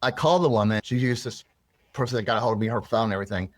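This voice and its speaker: A man's voice: medium pitch, racing, no room sound. A man being interviewed, earnestly telling a personal story with many restarts and rambling asides. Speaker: interview guest.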